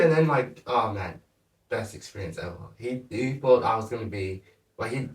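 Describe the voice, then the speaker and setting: A young man, a podcast guest, chatting casually with a relaxed, laughing manner and a lot of "like". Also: medium pitch, normal speed. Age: young adult. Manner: laid-back, laughs often, lots of "like". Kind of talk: casual chat. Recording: echoey room, mic at a distance.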